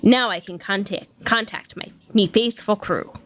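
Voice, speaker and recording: A woman reading out a grateful male pirate sailor's thanks in old-timey pirate talk, going low and hushed. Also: moderate pace, a little hiss or hum, natural voice.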